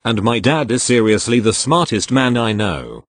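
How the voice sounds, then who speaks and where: A man reading online posts aloud in scripted narration, with an even, matter-of-fact delivery that spells out abbreviations. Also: medium pitch, moderate pace, no echo. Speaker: story reader.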